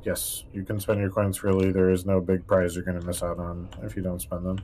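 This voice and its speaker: Low-voiced man rambling on a game stream. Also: little pitch movement, brisk, mellow, slight background noise. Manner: rambling, many fillers and restarts. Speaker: co-host answering chat. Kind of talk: casual livestream chat while gaming.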